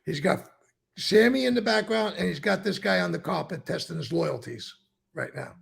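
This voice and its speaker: A man as an interview guest, recounting and explaining events with emphatic, animated storytelling. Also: high-pitched, moderate pace, vocal fry, slightly rough.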